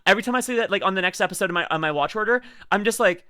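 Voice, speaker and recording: A bright-toned streamer rambles through a reaction video, excitable and full of fillers. The mic is close and dry, with no room sound at all. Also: mid-range voice, very fast, few pauses, clear, resonant tone, no echo. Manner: rambling, excitable, lots of "like" and laughter. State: tearing up. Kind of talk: casual reaction commentary.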